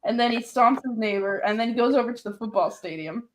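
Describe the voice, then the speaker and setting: A high-pitched woman tells a comic's plot on a casual podcast. She recaps it in an animated, giggly way and often breaks into laughter mid-sentence. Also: fairly quick, poor audio. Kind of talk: casual chat.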